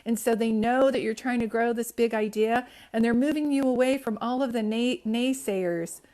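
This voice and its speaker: A woman's voice: fairly high pitch, normal speed, warm tone. A woman hosting a live-stream psychic reading, talking to viewers in a casual, affectionate way, using pet names and rambling with restarts.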